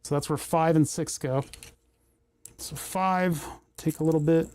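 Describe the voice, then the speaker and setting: A man's voice: on the high side, fairly even intonation, unhurried, a little mellow. A man hosting a casual livestream, rambling and self-deprecating as he thinks aloud while he takes apart a machine. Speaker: livestream host.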